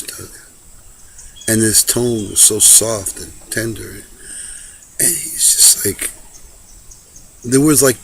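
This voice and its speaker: A man's voice: mid-range voice, a bit bright, slight background noise. A man speaking an earnest personal message to a friend, impassioned and preachy, often repeating himself.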